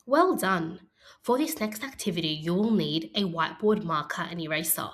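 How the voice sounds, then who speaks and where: A woman teaching an early-years phonics lesson, speaking slowly and clearly in an encouraging classroom manner. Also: lowish voice, lively intonation.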